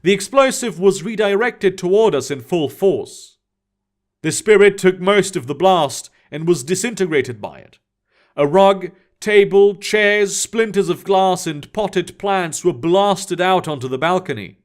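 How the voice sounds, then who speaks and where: A man reading a first-person sci-fi story aloud in a steady, measured narrating voice. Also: high voice. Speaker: audiobook narrator.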